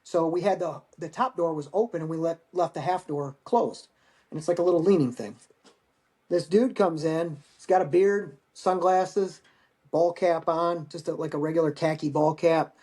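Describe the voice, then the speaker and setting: A man's voice: on the high side, normal speed. A middle-aged man, a military veteran guest on a podcast, telling a story casually with lots of swearing and acted-out quotes. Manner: profane, animated anecdote-telling with acted quotes.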